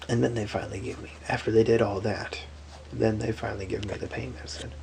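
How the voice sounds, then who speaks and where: A tired man half-whispering a late-night vlog, recounting a painful hospital night in a drowsy way with sudden lively bursts. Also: lowish voice, fast talker, gravelly, a little hiss or hum, low-quality recording. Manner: hushed, drowsy storytelling that swings from whispers to animated outbursts. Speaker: vlogger.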